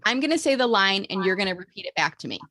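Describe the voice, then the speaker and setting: A woman's voice: medium pitch, very animated, fast, bright, forceful tone, no room sound, studio quality. A woman hosting a job seeker video meeting, encouraging and upbeat, leading a call-and-response mantra and giving motivational coaching.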